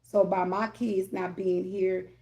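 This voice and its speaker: A woman's voice: medium pitch, level tone, slow, warm tone. A woman giving a candid, rambling tarot reading, often addressing viewers directly and checking in with them. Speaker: tarot reader. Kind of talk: casual spiritual talk to viewers.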